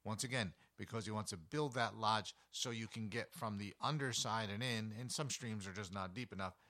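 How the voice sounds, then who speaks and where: This is a man giving an educational nature talk in a loose, storytelling way. His voice sits low but sounds bright and forceful. He chats along with plenty of casual asides. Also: moderate pace. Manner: folksy and animated, with chatty asides. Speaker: wildlife educator. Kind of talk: conversational nature talk with anecdotes.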